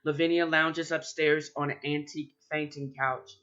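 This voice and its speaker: A podcast host reading his own story aloud, halting now and then with slips and restarts. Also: a little high, level tone, bright, forceful tone, clean tone, dull audio. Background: typing.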